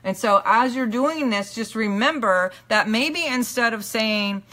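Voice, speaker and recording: A teacher and minister speaks expressively and without hurry in a live-streamed motivational class. Earnest and emphatic, she keeps checking in with a repeated "okay?" while her phrases sink into a soft, low finish.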